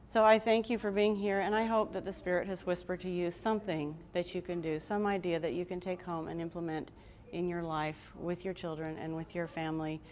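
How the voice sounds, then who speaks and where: Earnest woman presenter, slightly low voice, faint background hiss, heartfelt delivery to a live room. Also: fairly even intonation, brisk, few pauses, darkish tone. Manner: reads scripture aloud with emphasis. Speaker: conference presenter.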